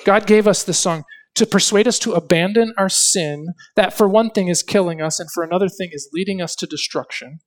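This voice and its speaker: A man's voice: high voice, fairly quick. Earnest male preacher expounding scripture. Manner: earnest expository preaching, rhetorical questions, dramatic scripture reading. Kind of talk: sermon.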